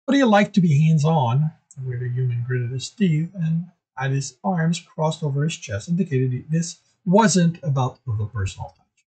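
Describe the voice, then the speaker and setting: A man's voice: on the high side, animated, normal speed, dark tone, husky, low-quality recording. A man reading a chapter of his own novel aloud, casual, with occasional stumbles.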